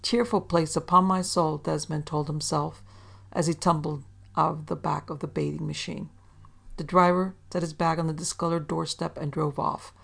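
A woman reading a story aloud in steady, measured narration. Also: deep voice, gravelly, breathy edge.

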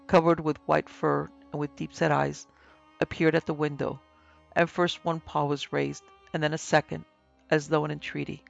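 A man narrating a horror story in a steady, even reading pace. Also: fairly high pitch, vocal fry.

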